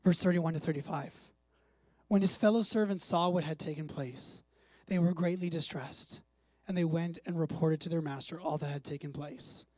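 An emphatic preacher delivers a sermon in a middle-pitched voice, dropping soft and then climbing to loud, urgent stretches. The sound is dry and close, with no room echo. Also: moderate pace. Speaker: pastor.

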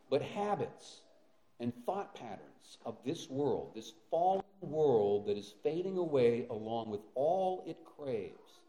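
A man's voice: mid-range voice, mellow. A male pastor preaching a sermon, earnest, with rhetorical questions and frequent fillers and restarts. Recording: roomy echo.

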